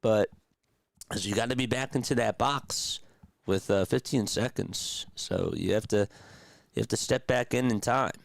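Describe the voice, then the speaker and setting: Calling a game radio-style from his stream, a young man with a lowish voice and vocal fry talks at normal speed, chatting with viewers and tossing in sarcastic opinions. He's animated as a play-by-play host, jumping between calls and commentary, and there's no echo.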